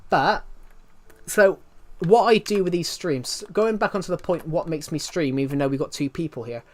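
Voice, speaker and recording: A man's voice: a little high, normal speed, darkish tone. A man in his twenties from Southwest England chatting on a livestream, rambling and answering viewer comments with many ums and restarts. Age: 20s.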